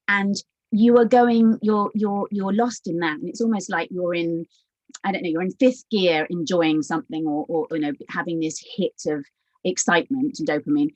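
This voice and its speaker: Animated woman, halting speech. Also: lowish voice, rough recording. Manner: animated, halting with many restarts and fillers. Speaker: guest. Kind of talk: conversational interview.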